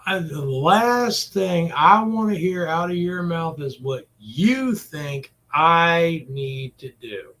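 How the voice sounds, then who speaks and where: A man's voice: fairly high pitch, lively intonation, takes it slowly, few pauses, fairly bright tone. A man ranting to camera in an exasperated, repetitive way, cursing often as he vents. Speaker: vlogger. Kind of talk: profane venting rant to camera.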